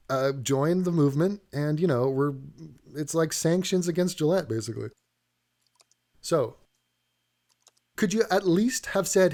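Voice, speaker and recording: A man's voice: a little high, lively intonation, a little slow, pauses often, darkish tone. Sarcastic man on a profane rant. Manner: sarcastic, exasperated, swears freely. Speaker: comedian reacting to an ad.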